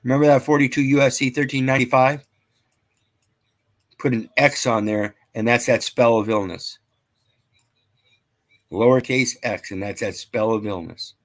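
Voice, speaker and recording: A man's voice: mid-range voice, normal speed, long pauses. A man lecturing casually, reading out statute numbers and scripture in a rambling, preachy way. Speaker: channel host.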